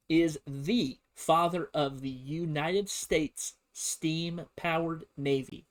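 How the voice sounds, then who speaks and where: Joking man streaming a history lesson. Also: on the high side. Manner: rambling, joking, full of fillers. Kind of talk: casual comedic history lesson.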